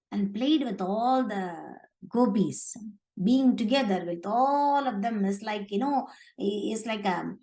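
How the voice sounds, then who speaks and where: A woman's voice: fairly high pitch, reverberant, low-quality recording. A woman retelling a scripture story in conversational English, with many fillers and restarts.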